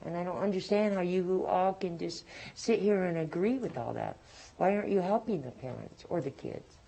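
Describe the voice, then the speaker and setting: A woman giving an agitated, halting public comment to a school board, complaining about its policies. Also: fairly low pitch, animated, vocal fry, warm tone, husky, poor audio.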